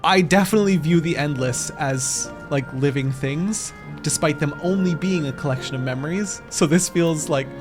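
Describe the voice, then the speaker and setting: A male streamer reacts to a video game in casual, emotional commentary and sounds close to tears. His voice sits somewhat high, and the game's soundtrack plays clearly underneath him. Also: moderate pace, few pauses. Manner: emotional, overwhelmed, casual slang. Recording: game music playing under voice. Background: game soundtrack music.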